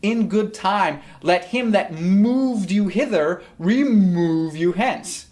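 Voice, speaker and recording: A teacher reading aloud as a stubborn, sharp-tongued young woman, giving slow, mocking retorts. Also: medium pitch, expressive.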